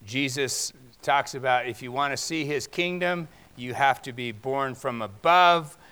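A man preaching a sermon with a bright, forceful voice. He talks in a loose, conversational way and then leans hard into emphatic points. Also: medium pitch, unhurried, clean tone. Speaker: pastor.

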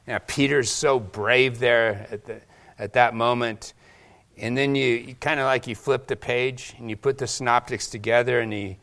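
A man's voice: medium pitch, a bit bright. A man preaching a sermon, retelling scripture dramatically and acting out the voices in the quotes.

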